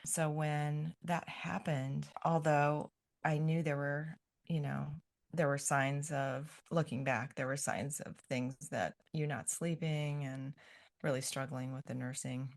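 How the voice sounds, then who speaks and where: A middle-aged woman, a grandmother, talking as a podcast guest in a gentle, thoughtful way, often pausing to find her words. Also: low voice, little pitch movement, creaky. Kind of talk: reflective podcast conversation.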